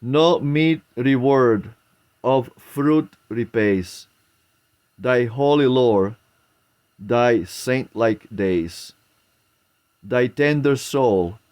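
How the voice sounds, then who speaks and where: A man's voice: mid-range voice, darkish tone. A man reading the lines of a loyal charioteer, mournful and pleading in archaic verse. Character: grieving loyal old charioteer.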